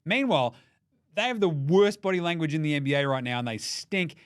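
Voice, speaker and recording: An Australian man giving a comedic basketball ranking rant, mocking and full of quick jokey asides. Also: on the high side, animated, clear, resonant tone. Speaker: basketball commentator.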